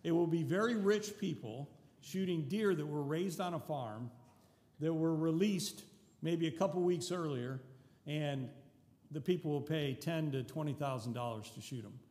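A visiting missionary from New Zealand, an older man with a slightly high, warm voice at normal speed, shares folksy stories with a congregation. He chats along with restarts and wry asides, and the sanctuary gives the recording a long church-hall reverb.

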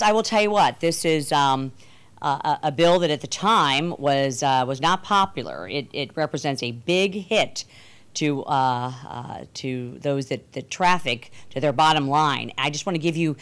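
A woman delivers a policy speech from a panel. Her voice sits low, and she presses her points emphatically while stumbling over fillers and restarts. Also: clean tone. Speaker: congresswoman speaking on a panel.

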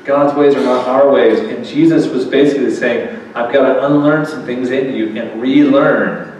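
Speaking at a faith event, a man addresses a live audience conversationally, throwing questions out to the room at normal speed. His voice is middling in pitch and a little mellow. The distant recording carries long hall echo with faint room noise murmuring beneath.

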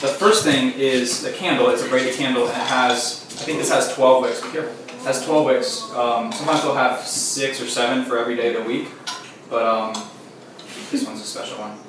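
A man talks a small group through a teaching in an easygoing way, pausing on "um"s as he explains. He sounds set back from the mic in a very echoey room, with faint noise underneath. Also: medium pitch, far from the mic. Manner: relaxed, filler-heavy explaining. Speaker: teacher leading a Sabbath demonstration.

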